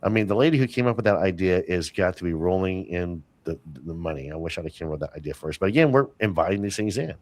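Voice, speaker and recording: A man with a lowish voice chats as a podcast guest, drifting from one story to the next with plenty of fillers and restarts. The sound is dry and close. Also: animated, quick pace, hardly any pauses, darkish tone, no echo. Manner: rambling storyteller, many fillers. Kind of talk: casual interview chat.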